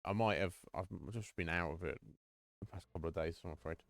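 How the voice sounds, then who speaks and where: A man's voice: deep voice, brisk, fairly bright tone, no room sound. A man streaming a game, chatting loosely, swearing and laughing at what happens. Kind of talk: live gaming commentary.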